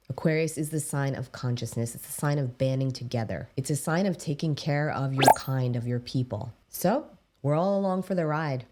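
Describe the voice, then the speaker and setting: A woman's voice: low voice, a little mellow. A woman astrologer explaining to her viewers, stressing key words and addressing them directly. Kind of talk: explanatory talk to camera.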